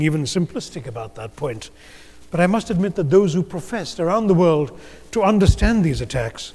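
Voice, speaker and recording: Rhetorical man speaking in a reverberant hall. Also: on the high side. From India. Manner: measured, rhetorical, gently humorous. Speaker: keynote speaker. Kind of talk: conference speech. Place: large conference auditorium.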